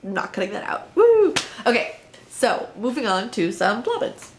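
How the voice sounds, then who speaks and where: A woman's voice: mid-range voice, normal speed, slight background noise. A woman hosting a knitting and spinning podcast, chatting casually and playfully as she shows her projects to viewers. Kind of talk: casual show-and-tell chat.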